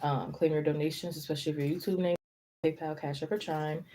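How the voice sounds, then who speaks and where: A woman's voice: sits low, fairly even intonation, fast talker, dark tone, slight background noise. A young woman hosting a tarot live stream, chatting casually and rambling through stories with lots of fillers.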